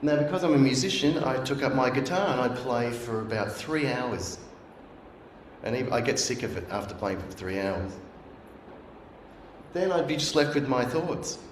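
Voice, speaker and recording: A man with a medium-pitched voice and lively intonation speaks at a normal pace, delivering a sermon as a personal story in a church hall. The guest speaker tells it earnestly, acting out voices from memory, and the roomy recording carries slight background noise.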